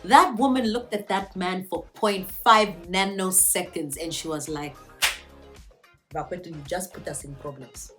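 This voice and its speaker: A woman's voice: lowish voice, fairly bright tone. A woman recapping a TV episode in a casual vlog, joking and slangy. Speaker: TV show reviewer.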